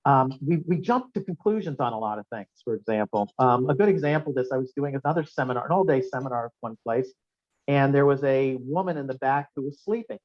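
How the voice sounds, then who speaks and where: A man giving a seminar talk in a restaurant function room, telling anecdotes in a lively way and quizzing the audience with questions. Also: medium pitch, fast talker. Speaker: guest speaker. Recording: dull lo-fi room recording.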